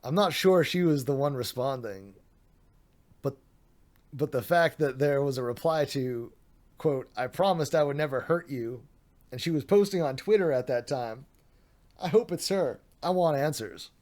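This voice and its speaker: A man with a medium-pitched, slightly mellow voice streams late at night, animated and at a moderate pace. He reads online drama aloud in casual commentary, tired and sardonic, laughing and swearing along the way.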